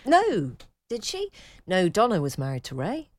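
A woman's voice: mid-range voice, wildly swooping pitch, moderate pace, a little mellow, dry recording. A woman co-hosting a radio chat show, wry and teasing, laughing as she talks. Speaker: radio co-host.

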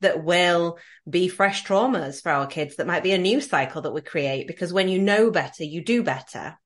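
A woman hosting a podcast interview, talking earnestly and reflectively and growing animated when she quotes others. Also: on the low side, moderate pace. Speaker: podcast host. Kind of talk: conversational interview.

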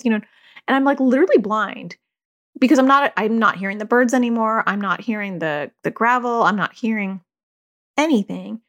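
A woman's voice: on the high side, moderate pace, highs cut off. A woman, a parent who hosts a podcast, talking candidly in a loose, conversational way and often saying "like". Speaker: podcast host. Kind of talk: casual reflective parenting talk.

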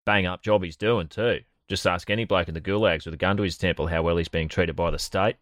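Man, deep, sardonic podcast co-host, dry close sound. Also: fairly even intonation, quick pace, a bit bright, dry recording. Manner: sardonic, profane storytelling. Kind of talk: comedic podcast banter.

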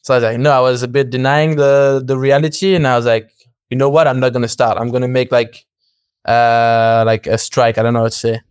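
A man's voice: mid-range voice, a little fast, smooth, no room sound, studio quality. A young man, a podcast guest, telling a story casually and animatedly, acting out what people said and laughing often. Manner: animated, acts out quoted dialogue, laughs often, swears.

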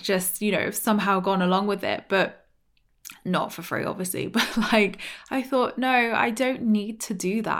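A woman's voice: mid-range voice, a bit bright. A woman hosting a solo podcast, talking in a chatty, emphatic way with many "like" and "you know" fillers. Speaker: podcast host.

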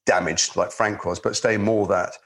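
A man with a London accent, an actor telling anecdotes in relaxed chat, with many restarts. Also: low-pitched, normal speed. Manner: lively storyteller, swears in quotes, many restarts. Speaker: actor guest.

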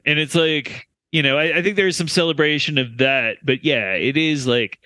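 A man co-hosting a comedy podcast, making wry, quick quips. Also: a little high, bright, forceful tone, no echo. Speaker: podcast co-host. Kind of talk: casual comedic chat.

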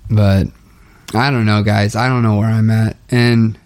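A young man speaking a hesitant, halting confessional monologue, restarting often and sounding dejected. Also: fairly low pitch, level tone, a little mellow. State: low and dejected. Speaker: podcaster documenting his spiritual journey.

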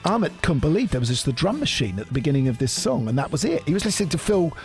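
A man's voice: fairly high pitch, very animated, racing, darkish tone, soft background music. A man hosting a podcast, chatting casually and laughing often. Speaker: podcast host. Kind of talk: casual chat.

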